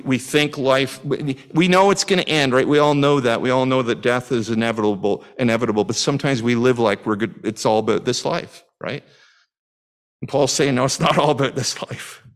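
A man's voice: medium pitch, moderate pace. A middle-aged man from Canada preaching a sermon, asking the congregation questions in a conversational way with frequent restarts. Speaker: pastor.

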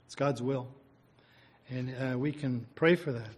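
A man's voice: mid-range voice, measured pace, a little mellow, husky. A man preaching a sermon, reading scripture, praying and asking the listeners rhetorical questions in an earnest, conversational way.

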